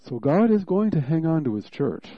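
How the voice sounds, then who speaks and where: A man preaching an expository sermon, reading scripture aloud and unpacking the wording verse by verse. His voice sits a little high for a man and rises when he acts out God's words. The recording is dry and a bit muffled, with no room echo. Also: moderate pace. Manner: expository Bible teaching, reads scripture aloud, animated when voicing God.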